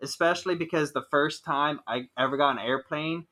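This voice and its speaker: A man's voice: a little high, normal speed, bright, forceful tone. A young man co-hosting a podcast, telling rambling stories with lots of "like" in casual chat. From Ohio, USA. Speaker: podcast co-host.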